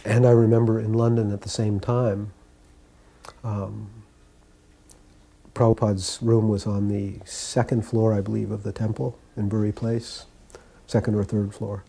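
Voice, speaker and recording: Man recalling devotee memories in a very dark, breathy tone; calm, unhurried telling. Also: lowish voice. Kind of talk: reminiscing storytelling.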